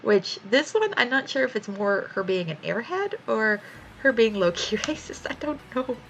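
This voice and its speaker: A woman's voice: fairly high pitch, expressive, moderate pace, a little hiss or hum, rough recording. A young woman chatting casually while she draws on stream, swearing freely and laughing often as she tells stories. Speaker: art streamer.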